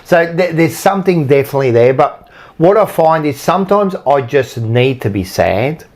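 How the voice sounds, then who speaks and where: A man's voice: a little high, animated, moderate pace, a little mellow. Rambling man, podcast co-host. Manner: rambling, frequent "you know what I mean". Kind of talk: casual chat.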